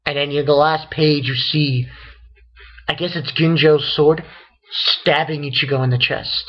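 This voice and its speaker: A man's voice: on the high side, fairly even intonation, measured pace, highs cut off. A man hosting his own channel, rambling through a casual review rant and stringing events together with "and then". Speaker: manga reviewer, channel host.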